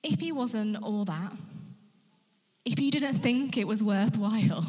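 A woman's voice: medium pitch, unhurried, a little mellow. A woman preaching a sermon with earnest emphasis. She drops to a whisper at key points and rallies listeners with questions. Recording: hall with long reverb.

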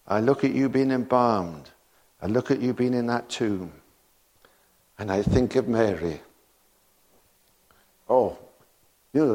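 An older man preaching a sermon, slow and emphatic, with rising exclamations and bursts of laughter. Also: medium pitch, darkish tone.

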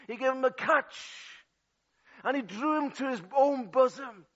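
A man preaching a sermon, swinging dramatically between loud outbursts and hushed, low passages. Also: slow. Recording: dull lo-fi audio.

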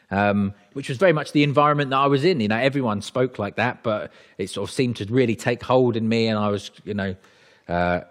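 Low-voiced man preaching. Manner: conversational, with frequent restarts. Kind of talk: sermon.

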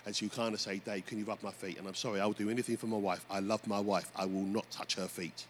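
Animated preacher man. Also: on the low side, fast talker. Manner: animated storytelling preacher, often addressing "folks". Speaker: pastor. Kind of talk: sermon. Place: church. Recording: faint background noise.

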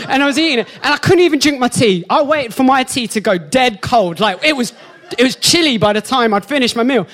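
In this sermon, a male pastor shares personal anecdotes and reacts to them in an animated, joking way. His reactions come out in a high, excited pitch, while the spiritual message is delivered more slowly and gently.

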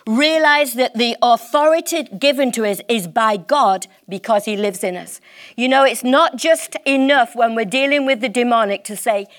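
Woman preacher, high voice, fervent and emphatic sermon delivery. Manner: impassioned, emphatic, slows on key words.

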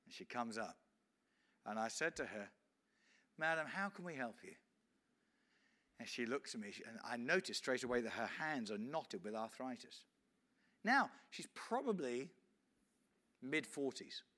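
Bright-voiced evangelist telling a story. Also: male voice, medium pitch, moderate pace. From England. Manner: animated storytelling, acts out scenes, frequent restarts. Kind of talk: storytelling sermon.

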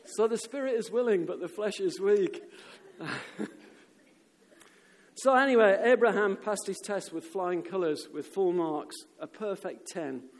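Male preacher, lively storytelling sermon, reverberant church recording. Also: high voice, a little slow. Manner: animated storyteller, shouts quoted crowds. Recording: long reverb of a church hall.

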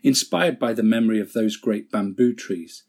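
A man giving a slow, solemn scripted church reflection and telling a parable in a measured, gentle way. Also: lowish voice, breathy edge.

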